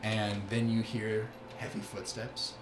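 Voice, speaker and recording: A man narrating as game master, describing scenes in halting detail. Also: lowish voice, completely flat delivery, background noise. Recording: roomy sound with music bed.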